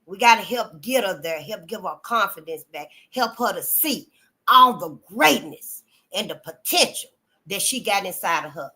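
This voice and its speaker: A woman's voice: mid-range voice, lively intonation, moderate pace, sharp tone. A woman hosting her own channel, talking casually and frankly to her viewers, calling them honey and y'all. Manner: frank, earthy and emphatic, calls listeners honey and y'all. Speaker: channel host.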